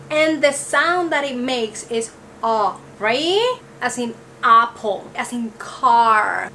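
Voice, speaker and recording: A woman's voice: sits high, bright, forceful tone, a little hiss or hum. A woman with a Spanish accent, a native Spanish speaker, ranting casually to camera in an emphatic, exasperated way and often checking in with the viewer. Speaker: vlogger. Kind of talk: casual talking-to-camera rant.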